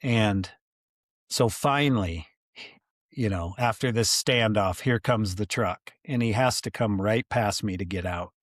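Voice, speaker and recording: A man in his forties telling stories as a podcast guest, animated and full of casual fillers. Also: fairly low pitch, measured pace, no room sound, studio quality. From United States. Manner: animated, many fillers like "like" and "you know". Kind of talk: casual storytelling.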